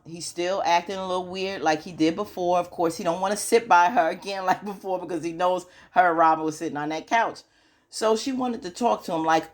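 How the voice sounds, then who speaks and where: Woman with a low voice doing a chatty tv recap, acts out everyone's lines. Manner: animated, retells scenes in quoted dialogue. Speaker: TV show recap host. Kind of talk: casual episode recap.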